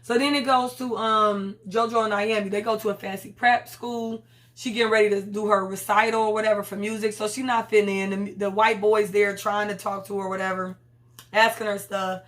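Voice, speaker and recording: A woman's voice: mid-range voice, flat delivery, brisk. A young woman casually recapping a TV episode in a chatty, slangy way, often acting out the characters' lines. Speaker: TV episode reviewer.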